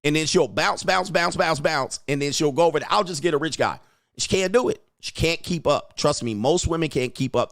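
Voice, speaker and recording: Blunt, lecturing man with a dry sound. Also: dry recording. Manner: acts out quoted women in a higher voice. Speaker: host. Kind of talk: livestream commentary.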